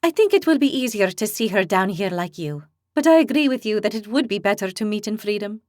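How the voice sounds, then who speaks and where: A woman voicing a gentle, kind young woman of a fantasy race, imprisoned but hopeful, in an audiobook. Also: mid-range voice, animated, fairly quick, dry recording, studio quality, natural voice. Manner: gentle, gracious.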